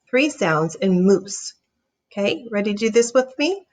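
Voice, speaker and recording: A woman teaching a reading lesson, sounding out words slowly and encouraging young readers. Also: mid-range voice, lively intonation. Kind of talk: slow, clear phonics lesson.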